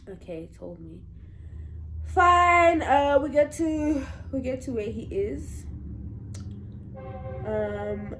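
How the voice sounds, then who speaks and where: A woman in her twenties telling a personal story to her viewers in a chatty, animated way. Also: sits high. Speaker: vlogger. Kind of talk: story time vlog.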